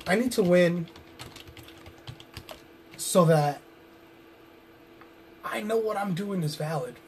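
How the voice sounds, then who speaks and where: A man with a slightly high voice cuts a drawn-out wrestling promo in the voice of a pro wrestler. He broods with intensity and now and then erupts into loud shouts. Underneath the bluster he sounds tired and drained. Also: slight background noise.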